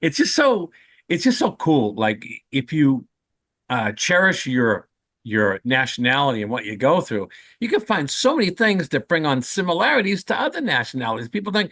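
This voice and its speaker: A man's voice: a little high, normal speed, no room sound. A man in his sixties, a comedian and guest, telling stories in a chatty, joking way. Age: 60s. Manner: animated, chatty, jokey. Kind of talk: casual storytelling.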